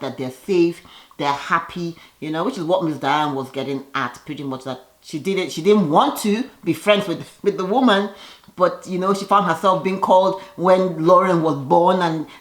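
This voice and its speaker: A woman giving a casual, chatty recap of a TV episode. She leans on "you know" and acts out the cast's lines with animated quoting. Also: deep voice. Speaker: reality TV recap vlogger. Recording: roomy echo.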